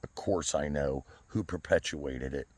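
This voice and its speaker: A man with an extremely low, deep voice speaks in a personal vlog monologue. He talks earnestly and haltingly, stumbling over repeated words as he goes. He is recorded outdoors. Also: dry recording. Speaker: vlogger. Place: outdoors by a flagpole.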